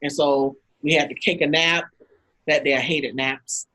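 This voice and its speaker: Woman host with a husky, breathy edge, chatting casually on a video call and acting out her stories. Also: sits low, measured pace, poor audio. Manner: animated anecdotes, acts out quotes with laughs. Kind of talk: casual storytelling talk.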